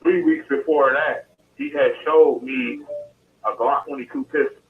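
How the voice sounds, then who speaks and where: A man's voice: mid-range voice, steady tone, unhurried, slight background noise. A man recounts events to an interviewer in a casual, detailed way, often restarting and repeating his phrases. His voice sits in the middle range for a man. It comes through a tinny phone line, distant from the mouthpiece. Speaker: interview guest. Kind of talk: telling his story in detail. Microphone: phone call.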